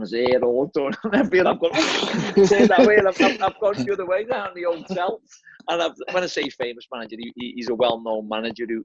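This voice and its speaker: This guest, a middle-aged football manager with a Scouse accent, chats casually and tells stories, repeating himself and frequently saying "mate" and "you know what I mean". His voice is mid-range and husky. There's no room sound, and the recording is dry, lo-fi, and slightly dull.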